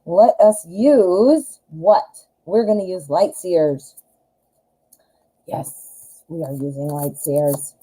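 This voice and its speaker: A woman's voice: on the low side, takes it slowly, long pauses, warm tone, slightly rough, rough recording. A woman in her forties with a Midwestern American accent, chatting in a rambling, self-deprecating way while doing a live tarot reading. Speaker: tarot reader.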